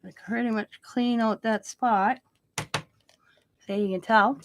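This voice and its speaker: A woman's voice: on the high side, steady tone, takes it slowly, slight background noise. Chatty woman crafting at home. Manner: chatty, joking storyteller. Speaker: craft channel host. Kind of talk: casual crafting vlog chat.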